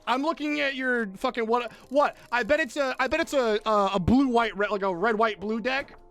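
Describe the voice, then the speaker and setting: A young man chatting casually on a live gaming stream, jokey and swearing, quick to tear up. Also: very high-pitched, faint music behind. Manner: animated, swearing, jokey, easily teary.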